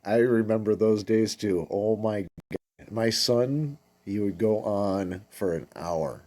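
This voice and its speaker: A middle-aged man giving relaxed, reminiscing commentary while reacting to a comedy clip. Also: lowish voice, slow. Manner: relaxed, reminiscing, chuckling asides. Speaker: reaction video host.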